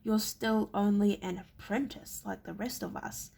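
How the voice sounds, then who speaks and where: A woman reading aloud, voicing a quiet but defiant teenage boy who speaks firmly. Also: mid-range voice, steady tone, unhurried, creaky, breathy edge. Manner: firm and scornful.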